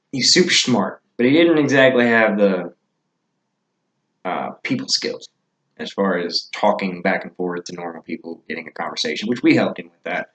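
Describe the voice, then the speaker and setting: A man's voice: fairly low pitch, a bit bright, roomy sound, muffled recording. A man telling stories in a casual, rambling way with many fillers. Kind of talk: casual storytelling.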